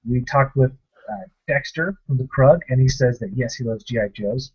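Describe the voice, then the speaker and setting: Young man, husky voice, casual storytelling, acts out quotes, dull lo-fi webcast sound. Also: mid-range voice, moderate pace. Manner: animated anecdote-telling, acting out quotes. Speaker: co-host of a tabletop gaming show.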